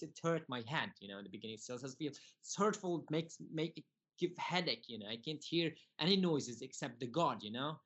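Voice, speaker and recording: A young man from Syria, telling his personal story as a podcast guest in earnest, halting, broken English. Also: mid-range voice, fairly bright tone.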